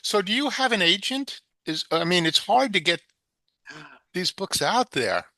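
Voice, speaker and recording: A man's voice: high-pitched, lively intonation, unhurried, pushed and bright, no echo. An older man hosting a podcast, asking questions casually and chiming in with short replies. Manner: responsive, short affirmations. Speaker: podcast host. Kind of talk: casual interview chat.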